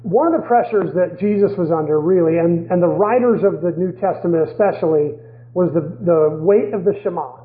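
A man's voice: sits high, moderate pace. A man giving a teaching sermon in a loose, conversational way, often hedging with "kind of.". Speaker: preacher. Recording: echoey, phone-like radio broadcast.

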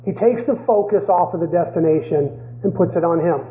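A man's voice: fairly high pitch, a little fast. A man giving a teaching sermon in a loose, conversational way, often hedging with "kind of.". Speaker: preacher. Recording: echoey, phone-like radio broadcast.

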